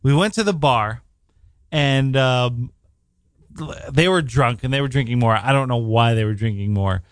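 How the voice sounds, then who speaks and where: A man's voice: medium pitch, normal speed, clear, resonant tone, dry recording. Dry-sounding man telling rambling stories. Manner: rambling storyteller, laughs often. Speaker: podcast co-host. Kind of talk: casual chat. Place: New York.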